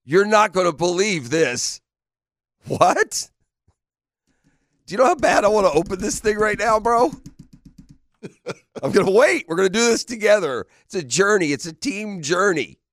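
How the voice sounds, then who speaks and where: A man's voice: sits high, big pitch swings, normal speed, long pauses, a bit bright, no room sound, studio quality. A man hosting sports radio in a casual, playful way, laughing often and firing off rhetorical questions. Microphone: studio microphone.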